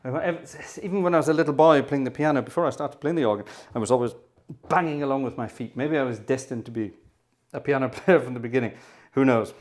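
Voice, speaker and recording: A man's voice: medium pitch, quick pace. A man hosting a live piano stream, out of breath between pieces, chatty and self-deprecating as he talks to his audience and explains boogie woogie. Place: piano room at home.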